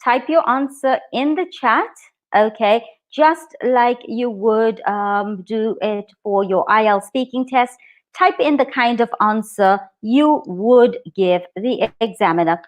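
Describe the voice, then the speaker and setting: A woman's voice: a little high, measured pace. A woman teaching a live online English exam lesson, upbeat and encouraging as she talks to her viewers. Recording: dull lo-fi stream audio.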